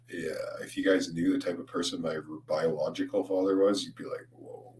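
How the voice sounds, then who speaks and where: Young male streamer, very low voice, stoned and rambling, recorded roomy and off-mic. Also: flat delivery, normal speed, hardly any pauses, darkish tone, distant mic. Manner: rambling, laughing, swears a lot, says "dude". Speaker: livestreamer. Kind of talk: casual livestream chat.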